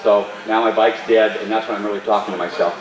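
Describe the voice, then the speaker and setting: A man's voice: lowish voice, quick pace. Man telling a story in a roomy hall. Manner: animated, laughs often while telling. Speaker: stunt performer guest. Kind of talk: storytelling at a live Q&A. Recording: roomy hall, distant mic.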